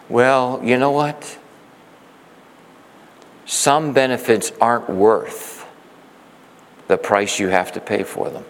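Gravelly preacher in an echoing hall. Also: male voice, mid-range voice, slow pace, pauses often. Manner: animated storytelling, acting out quoted voices. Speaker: pastor. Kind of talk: sermon.

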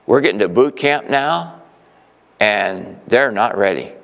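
A man preaching a sermon emphatically, swinging from urgent exhortation to gentle reassurance. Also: lowish voice, expressive, slow pace, gravelly, long reverb tail. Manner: emphatic, shifting between urgent and soothing. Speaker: pastor.

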